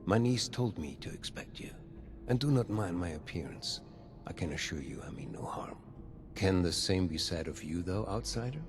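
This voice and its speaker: Hugo Stoltz, a gravelly German ghoul. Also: male voice, low-pitched, expressive, normal speed, music in the background. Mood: scheming. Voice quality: gravelly, breathy half-whisper. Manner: silky, theatrical, faintly menacing. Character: old male ghoul vault overseer, smooth scheming businessman.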